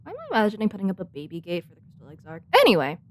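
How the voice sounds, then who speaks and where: A woman streamer with a medium-pitched voice, big pitch swings, and a racing pace gives playful, giggly commentary as she plays a game and talks back to its characters. Faint game music plays behind her casual gameplay commentary.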